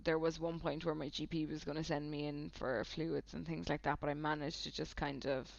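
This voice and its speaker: Irish woman, podcast guest, gravelly, chatty storyteller, dull lo-fi audio. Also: sits low, little pitch movement, fairly quick, no room sound. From Ireland. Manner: chatty, fillers of "like", retells by quoting herself. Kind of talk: casual storytelling. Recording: dull, dry lo-fi sound.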